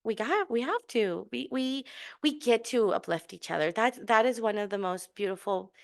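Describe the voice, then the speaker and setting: A woman's voice: on the high side, expressive, moderate pace, vocal fry. A middle-aged woman hosting a podcast, telling a casual story and encouraging listeners, laughing often and restarting her sentences. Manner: laughing, chatty, many restarts and fillers; warm and encouraging. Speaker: podcast host.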